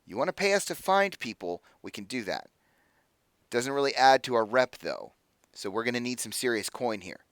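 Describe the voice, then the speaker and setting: A man's voice: sing-song, no echo. A man doing a weary, cold female assassin boss. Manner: low, measured, quietly firm.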